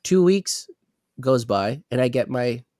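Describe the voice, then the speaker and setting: A man's voice: medium pitch, slow, no echo, clean studio sound. A man co-hosting a podcast, telling a work story in a casual rant, acting out the quoted lines and swearing, sounding sick and congested. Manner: animated retelling, acts out quoted dialogue, swears. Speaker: podcast co-host.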